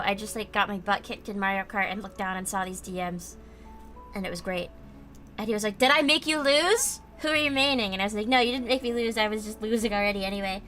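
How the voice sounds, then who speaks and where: Building a model kit on a livestream, a young American woman chats and rambles, reading chat aloud amid lots of fillers. Her mid-range voice sounds bright and forceful, and faint background music can be heard.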